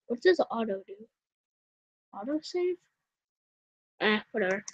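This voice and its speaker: High-voiced, slow, chatty woman gamer. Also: big pitch swings, no echo. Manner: self-mocking, chatty. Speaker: let's player. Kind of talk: reading a visual novel aloud with asides. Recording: dull, lo-fi, dry.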